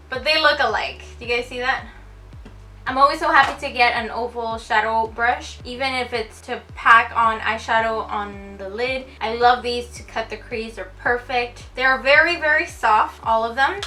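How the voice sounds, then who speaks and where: A woman's voice: a little high, bright, forceful tone. A woman beauty vlogger chatting casually through a product unboxing, gushing and giggling as she goes.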